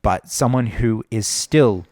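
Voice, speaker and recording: A man's voice: lowish voice, slow, a little mellow, no room sound, clean studio sound. A man co-hosting a podcast, talking in a casual, opinionated and scornful way. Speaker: podcast co-host.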